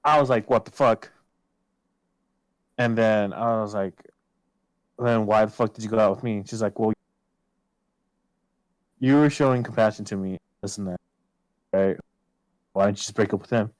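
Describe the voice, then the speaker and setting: Low-voiced man telling a story, swearing a lot. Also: fairly even intonation, normal speed, pauses often, dry recording, poor audio. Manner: swears a lot, quotes himself loudly. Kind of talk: casual storytelling on a podcast.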